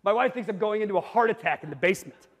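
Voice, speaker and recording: A middle-aged man giving an energetic conference talk to a live audience, blunt and jokey, sometimes rising almost to a shout. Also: high-pitched, rapid-fire. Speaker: conference speaker. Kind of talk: energetic keynote presentation. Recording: reverberant hall.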